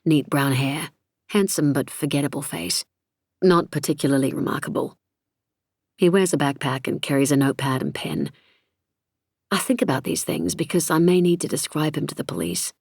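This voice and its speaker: A woman narrating a novel in the first person, measured and reflective, recorded close in a studio. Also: low-pitched, animated, a little mellow, slightly rough, dry recording. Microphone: close studio mic.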